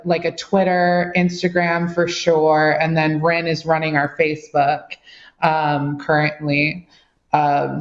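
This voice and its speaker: A woman guest talking in an earnest, chatty way with lots of fillers. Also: low-pitched. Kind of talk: casual interview chat. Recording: dull, echoey remote line.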